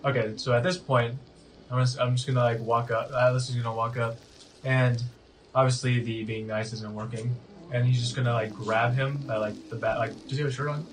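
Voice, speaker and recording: A man's voice: mid-range voice, fairly even intonation, a little fast. A man playing a tabletop game, thinking aloud in a casual, rambling way. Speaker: player. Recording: distant mic with noticeable background noise.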